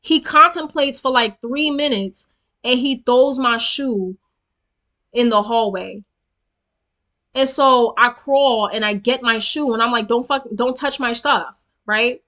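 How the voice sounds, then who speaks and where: A young woman tells a storytime vlog with a bright, forceful edge. She sits a little high in her register and keeps it animated, profane and emphatic as she talks straight at her viewers. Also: slow. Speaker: storytelling vlogger. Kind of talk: casual storytime rant.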